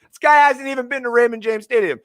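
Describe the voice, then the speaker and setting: A man's voice: extremely high pitch, quick pace, no echo, studio quality. A man hosting a fantasy football show, ranting emotionally and swearing freely as he gives his picks. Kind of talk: live sports talk stream.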